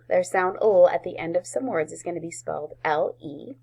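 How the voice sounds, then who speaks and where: Give me a woman teaching first graders on video, with a gravelly, husky voice, sounding out words slowly. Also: on the low side. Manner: slow, clearly sounded-out words with gentle encouragement. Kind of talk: recorded phonics lesson for young children.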